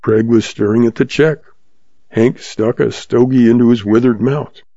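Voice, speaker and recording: A man reads a western story aloud in a steady, measured way. His voice is gravelly and husky, with a dark tone. The recording is dry and dull. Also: mid-range voice, no room sound. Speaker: narrator. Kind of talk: scripted western story narration. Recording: dull lo-fi sound.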